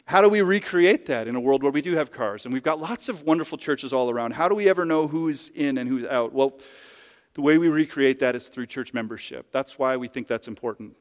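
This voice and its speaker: A man's voice: mid-range voice, brisk, long reverb tail. A man preaching a sermon as pastor in a conversational, emphatic way, using hypothetical examples. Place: church sanctuary.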